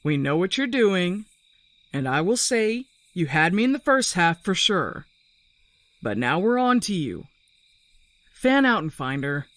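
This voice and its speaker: A woman voicing a panicked young man who shouts urgently as he flees the woods. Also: fairly low pitch, big pitch swings, a little slow, long pauses, no echo, voice pushed up. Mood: bold.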